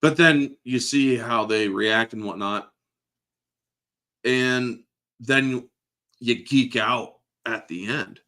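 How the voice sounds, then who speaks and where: A man's voice: medium pitch, fairly even intonation, slow, long pauses, pushed and bright. A man in his thirties chatting casually about a movie, emotional and profane, laughing often. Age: 30s. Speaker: podcast host. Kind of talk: casual movie review chat.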